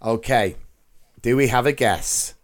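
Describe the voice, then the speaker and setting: A man's voice: medium pitch, measured pace. A man hosting a movie podcast, jokey, upbeat and chatty. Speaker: podcast host. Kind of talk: casual chat.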